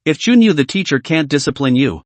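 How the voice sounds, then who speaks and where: A man's voice: on the high side, lively intonation, fairly quick, no room sound, natural voice. A man voicing a stubborn, indignant crown prince who scolds his son angrily. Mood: angry. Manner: angry, scolding.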